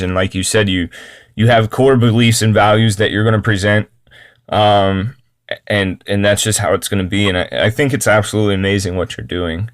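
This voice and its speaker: A man hosting a podcast, speaking in an effusive, rambling way full of restarts and fillers. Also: fairly low pitch. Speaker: podcast host. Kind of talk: casual interview chat.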